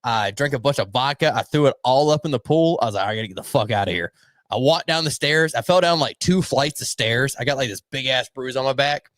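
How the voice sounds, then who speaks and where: A man's voice: medium pitch, brisk, fairly bright tone, no echo. A young man co-hosting a podcast, telling a long rambling story in casual chat, swearing freely and acting out voices. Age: young adult. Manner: rambling, swears a lot, acts out voices in anecdotes. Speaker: podcast co-host.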